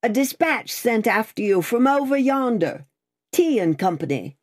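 A woman voicing a hoarse male messenger who calls out persistently, in an audiobook. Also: low voice, big pitch swings, unhurried, darkish tone, exaggerated voice. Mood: calling. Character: hoarse male messenger on horseback, calling from afar. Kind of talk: audiobook character voice.

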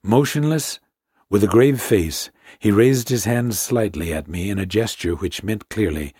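A man narrating a story in the first person, measured and tense. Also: fairly low pitch, darkish tone, breathy edge, dry recording, clean studio sound. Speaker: audiobook narrator.

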